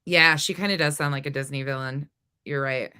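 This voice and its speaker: A woman's voice: very deep voice, fairly even intonation, a little fast, bright, forceful tone, clear, resonant tone. A woman hosting a reaction commentary, blunt, sarcastic and profane. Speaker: commentary host. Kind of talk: reaction commentary on livestream clips.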